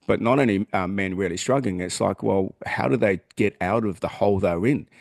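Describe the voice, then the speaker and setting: Blunt Australian man, low voice. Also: brisk, creaky, darkish tone, dry recording, clean studio sound. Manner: blunt, swears freely, earnest. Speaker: podcast co-host. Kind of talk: casual chat.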